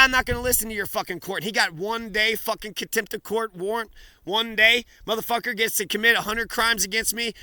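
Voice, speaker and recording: A man's voice: high-pitched, bright, forceful tone, smooth, dry recording. A man in an angry, profane rant to camera, swearing and hurling accusations.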